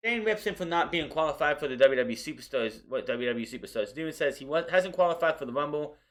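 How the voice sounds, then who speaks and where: A man's voice: a little high, lively intonation, fast, fairly bright tone. A man reviewing a wrestling show in a casual, opinionated recap, often restarting his sentences. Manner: conversational, opinionated, with frequent restarts.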